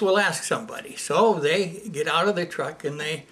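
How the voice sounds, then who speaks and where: A speaker at a medium pitch tells a joke about two truck drivers in an unhurried way, with frequent small hesitations. The voice is plain and conversational. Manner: relaxed storytelling with hesitations. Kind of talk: telling a joke. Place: local public access TV studio.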